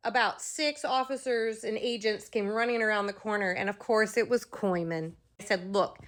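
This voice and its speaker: A woman's voice: mid-range voice, fairly even intonation, normal speed. A woman telling her own story straight to her followers in a personal, emotional way, acting out what people said and repeating key phrases. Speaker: vlogger.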